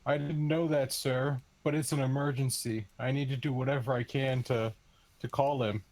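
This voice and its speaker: A man's voice: mid-range voice, fairly even intonation, moderate pace, darkish tone, natural voice. Man playing a polite pleading young stranger.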